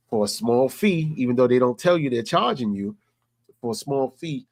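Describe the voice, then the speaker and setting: A man's voice: mid-range voice, slightly rough, dry recording, clean studio sound. A man vlogging, telling a story in a loose, conversational way. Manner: conversational, repeats "you know what I'm saying". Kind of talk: casual storytelling.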